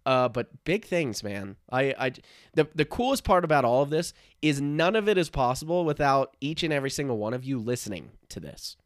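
A man's voice: medium pitch, expressive, brisk, no room sound, studio quality. A man hosting a sports podcast in a casual, rambling, enthusiastic way, his voice nasal and congested. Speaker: podcast host.

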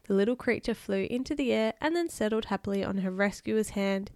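A woman's voice: medium pitch, fairly quick, a little mellow, dry recording. A woman hosting a podcast who reads a children's book aloud and chats playfully with a child. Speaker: podcast host reading children's books. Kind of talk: reading a picture book aloud.

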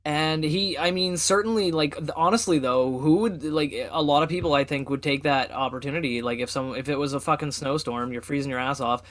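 A man's voice: on the high side, brisk, hardly any pauses, a bit bright. A man bantering casually on a podcast, joking and swearing. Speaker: podcast co-host. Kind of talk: casual chat.

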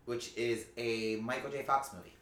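A man's voice: mid-range voice, steady tone, moderate pace, fairly bright tone. A man in his late thirties in a casual podcast chat, dry and casual, swearing now and then. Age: 30s. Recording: echoey room.

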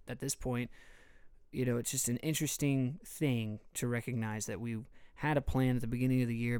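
A man's voice: mid-range voice, a little mellow, clean tone, no echo, studio quality. A man, a youth pastor talking casually in a podcast, rambling and joking as he goes.

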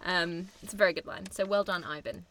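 A woman's voice: lowish voice, steady tone, a little fast, fairly bright tone, slight background noise. A young adult woman co-hosting a podcast, talking casually and animatedly about a film, laughing often. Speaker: podcast co-host.

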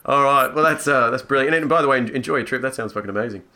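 A man's voice: medium pitch, sharp tone. A man hosting a podcast in casual chat, teasing, enthusiastic and often laughing.

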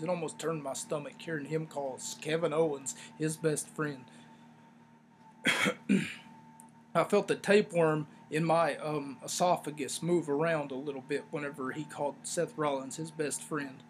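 A man with a high, light voice runs through his review in loose, rambling chatter and doubles back on his own points with sarcastic asides. A faint hiss sits under the recording. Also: fairly even intonation, unhurried. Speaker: wrestling review podcast host. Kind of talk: casual solo review talk.

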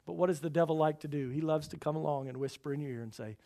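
Male pastor, high voice, emphatic sermon delivery with repeated phrases. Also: quick pace, vocal fry, dark tone.

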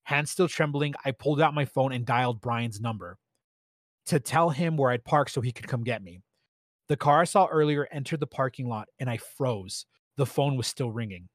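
A man reads a first-person story aloud in a steady, plain voice of middle pitch, stumbling now and then over a word. The sound is dry and close, with no room around it. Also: moderate pace, no room sound. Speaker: story narrator.

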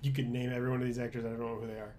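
A man's voice: medium pitch, little pitch movement, very fast, warm tone, slight background noise. A man co-hosting a podcast, chatting casually about a film in an opinionated, rambling, wry way. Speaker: podcast co-host. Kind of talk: casual chat.

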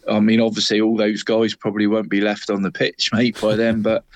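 A man's voice: fairly low pitch, completely flat delivery, a little fast, dry recording. A man co-hosting a local football podcast, chatting in a rambling way and tagging lines with "mate". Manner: rambling, says "mate" and "Deeks" constantly. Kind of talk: casual football chat.

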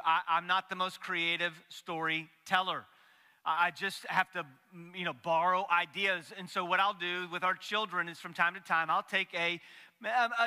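High bright-voiced pastor in a reverberant church. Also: male voice. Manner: folksy and joking, acts out story voices. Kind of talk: sermon. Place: church sanctuary. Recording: long hall reverb.

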